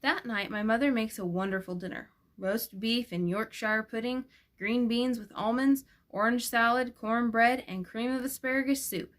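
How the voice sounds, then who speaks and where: A woman's voice: a little high, moderate pace, few pauses, fairly bright tone. Woman reading a novel aloud. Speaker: audiobook reader. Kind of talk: first-person audiobook narration.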